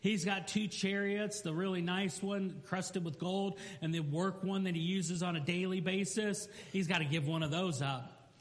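Male pastor, high pitch, sermon with acted-out quotes, big hall reverb. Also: fairly even intonation, normal speed. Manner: storytelling preacher who acts out quotes and asides.

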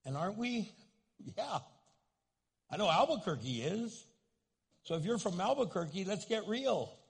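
A man's voice: sits high, sing-song, unhurried, gravelly, pauses often, husky. A man preaching a sermon as pastor, telling stories with humor and building to a repeated, urgent appeal. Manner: storytelling, acts out quoted voices, joking then pleading. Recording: long hall reverb.

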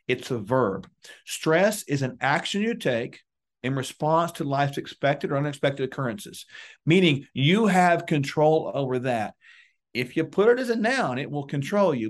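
A man giving emphatic coaching advice in a conversational interview, with lively, punchy bursts. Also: fairly high pitch. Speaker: police wellness guest.

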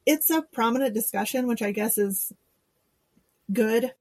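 A woman's voice: fairly high pitch, measured pace, a little mellow, dry recording. A woman co-hosting a podcast, chatting casually and sarcastically, laughing and quoting people in mock voices. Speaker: podcast co-host. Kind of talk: casual chat.

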